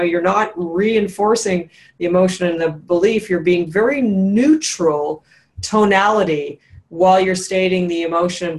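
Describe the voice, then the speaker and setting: This is a woman leading a breathwork session over a video call. She coaches in an encouraging, instructive way and slows down to model each guided phrase. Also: lowish voice.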